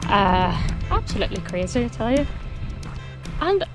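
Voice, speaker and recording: A woman vlogging on a long coastal hike, exhausted but excited, chattering and exclaiming into a handheld camera outdoors. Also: mid-range voice, moderate pace. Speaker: hiker vlogger. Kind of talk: walking vlog. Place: outdoors on a windy coastal trail. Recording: loud music behind voice.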